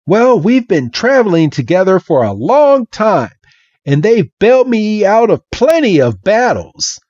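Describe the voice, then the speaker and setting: A man's voice: high voice, sing-song, unhurried, a little mellow, no echo, highs cut off, pitched above the performer's own voice. A man doing an eager young boy trainer. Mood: earnest.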